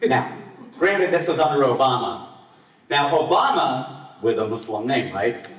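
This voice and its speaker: Animated man doing stand-up in an echoey hall. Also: unhurried, distant mic. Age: 40s. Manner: animated, with jumps up in pitch and volume on punchlines. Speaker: stand-up comedian. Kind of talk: live stand-up comedy set. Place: festival stage before a live audience.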